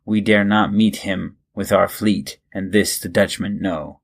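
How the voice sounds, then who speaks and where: A man's voice: deep voice, fairly even intonation, gravelly, husky. A man co-hosting a vocabulary podcast, reading example sentences and a poem aloud and reacting with interest to word histories. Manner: reads example sentences and verse in a measured way, reacts with surprise. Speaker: podcast co-host.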